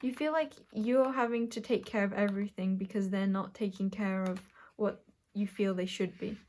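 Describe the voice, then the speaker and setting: Woman, tarot reader, mid-range voice, slow and musing delivery with frequent pauses. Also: mid-range voice, steady tone, a little mellow, a little hiss or hum. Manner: musing, halting, talks while drawing cards. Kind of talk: collective tarot reading.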